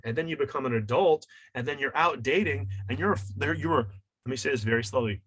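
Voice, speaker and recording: Fast-talking emphatic male coach. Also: mid-range voice, fairly bright tone, husky, no echo. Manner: emphatic and preachy, repeats key points. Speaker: shadow work coach and author. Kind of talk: interview answers, teaching.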